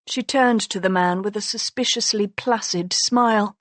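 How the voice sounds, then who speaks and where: A woman narrating an audiobook novel in a measured, even storytelling manner. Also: mid-range voice, no echo. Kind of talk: scripted narration.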